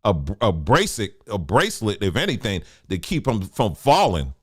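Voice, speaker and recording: A man in a Black talks through a casual podcast monologue, joking and wandering into asides. His pitch swings up and down expressively. The recording is close and dry, with no room sound. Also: huge pitch swings, normal speed, slightly rough, no room sound. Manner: laid-back, joking, lots of asides and fillers. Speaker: podcast host.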